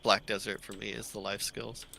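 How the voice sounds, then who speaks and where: Gravelly, bright-voiced gamer man. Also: lowish voice, level tone, normal speed, a little hiss or hum. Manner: rambling, heavy on fillers. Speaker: stream co-host and gamer. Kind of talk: casual gaming chat.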